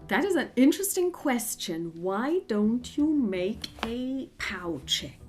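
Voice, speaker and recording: A woman who narrates scenes as the game master, with frequent pauses and fillers. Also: fairly high pitch, very animated, soft background music. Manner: descriptive, with frequent fillers and restarts.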